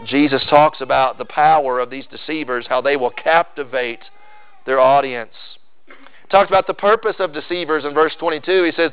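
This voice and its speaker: A man preaching a sermon with emphatic delivery, swinging into loud, high bursts on key phrases. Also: normal speed, smooth, highs cut off. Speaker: pastor.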